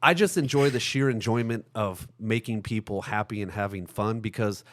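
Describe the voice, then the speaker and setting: A man as a podcast guest, telling stories in an animated, fast, laughing way in casual conversation. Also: lowish voice.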